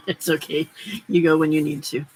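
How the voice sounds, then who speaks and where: A woman's voice: sits low, steady tone, unhurried, a little mellow, slight background noise, poor audio. A middle-aged woman hosting a casual live stream, chatting and rambling as she crafts and answers viewers' comments. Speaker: livestream host.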